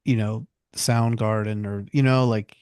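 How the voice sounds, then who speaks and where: A man's voice: fairly low pitch, steady tone, measured pace, a little mellow, clean tone, no room sound. Rambling man, casual and dry. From United States. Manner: loose, rambling talk full of "like" and "you know". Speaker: podcast co-host. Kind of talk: casual chat.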